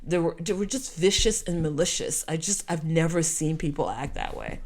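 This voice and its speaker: A woman's voice: deep voice, lively intonation, moderate pace. A Canadian woman in her forties telling a personal travel story to camera in an emotional, repetitive, heartfelt way. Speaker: vlogger. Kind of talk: storytime monologue.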